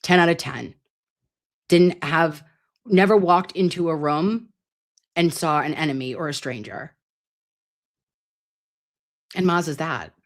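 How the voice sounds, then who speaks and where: A woman's voice: deep voice, slow, long pauses. A woman in her late thirties hosting a live stream, chatting in a rambling, playful and sometimes crude way. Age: 30s. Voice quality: self-described grating voice. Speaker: livestream host. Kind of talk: casual livestream chat. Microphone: computer mic on a live stream.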